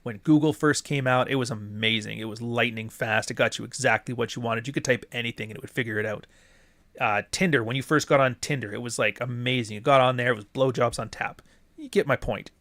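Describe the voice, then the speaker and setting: A man hosting a casual livestream from a dry, close-sounding room, with a voice sitting at an ordinary middle pitch. He drifts from tangent to tangent, curses freely and keeps circling back to his point. He comes from the Pacific Northwest. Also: a little fast, fairly bright tone, no room sound. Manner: rambling, goes off on tangents, profane. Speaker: livestream host reading super chats.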